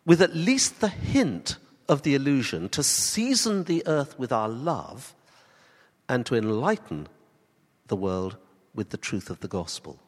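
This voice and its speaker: A man preaching in a church, his voice rising and falling with lively, expressive intonation. He leans into emphatic questions, then slows down to drop to soft, deliberate stresses. His words ring out with the long reverb of a large church hall. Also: mid-range voice. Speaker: pastor. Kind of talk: sermon.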